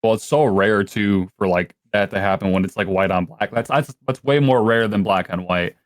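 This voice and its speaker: A man's voice: lowish voice, moderate pace, dry recording, clean studio sound. A young adult man talking as a podcast guest in a rambling, profane way, full of filler words. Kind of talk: casual podcast chat.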